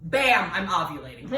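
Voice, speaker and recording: A woman in her thirties performs stand-up in front of a laughing crowd, her voice high, pushed and bright. Chatty and down on herself, she fills the set with fillers and asides. The live venue mic sounds roomy and far off, with audience laughter and a little hiss or hum.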